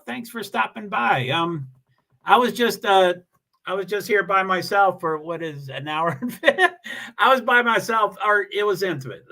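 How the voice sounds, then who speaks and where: A man's voice: high-pitched, pushed and bright. A man hosting a casual livestream, greeting viewers and reading their comments, talking in a rambling, self-deprecating way with many restarts.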